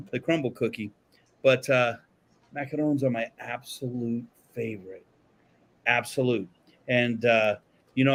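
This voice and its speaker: A man co-hosting a podcast in casual chat, joking and excitable, swearing freely. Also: mid-range voice. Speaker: podcast co-host. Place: podcast studio.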